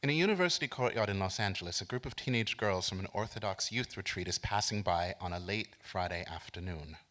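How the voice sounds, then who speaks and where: A man performing a dramatic spoken narration with an expressive storytelling delivery. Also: sits low, quick pace.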